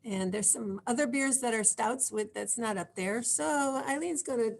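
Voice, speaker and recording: A woman's voice: on the high side, normal speed, vocal fry. A woman hosting a casual online party and quiz, chatty and joking, who laughs easily. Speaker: party host. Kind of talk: casual hosting on a video call. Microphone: video call.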